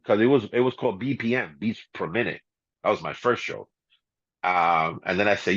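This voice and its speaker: A laid-back middle-aged guest DJ with a fairly low, slightly bright voice tells stories in a casual interview at a normal pace, laughing often and leaning on fillers like "you know" and "man." The audio is dry, slightly dull and muffled, with no echo or room sound.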